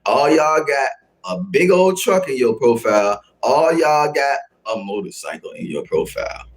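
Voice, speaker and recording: In a casual live-stream rant, the male host speaks in a mid-range, sing-song voice at a moderate pace. He confrontationally scolds his chat and keeps repeating his phrases.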